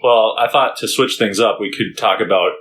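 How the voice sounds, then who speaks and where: A man's voice: lowish voice, normal speed, a bit bright, a little hiss or hum. A man co-hosting a podcast in casual chat, with a dry, teasing humor. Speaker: podcast co-host.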